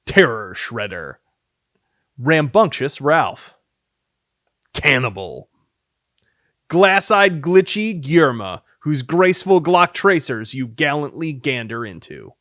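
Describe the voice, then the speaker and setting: A man's voice: mid-range voice, sing-song, slow pace, a bit bright, no echo, studio quality. A man reading a long list of silly names for his game devlog, playfully and with theatrical flair. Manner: reads names with theatrical swings, sometimes mock-dramatic.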